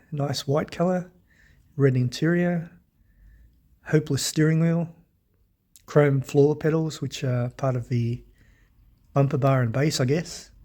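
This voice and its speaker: A middle-aged Australian man with a croaky voice, rambling in a casual collector's vlog, clearing his throat often. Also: medium pitch, darkish tone. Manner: rambling, friendly, many ums and uhs, throat clearing. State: hoarse, croaky from illness. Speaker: diecast collector vlogger. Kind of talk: casual show-and-tell vlog.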